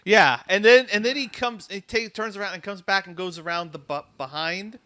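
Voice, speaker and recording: An excitable young man with a high, bright voice, jumping into a casual podcast conversation. His pitch leaps around as he recounts the story. The recording is dry and close. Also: dry recording. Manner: excitable, quick to jump in. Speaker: podcast co-host.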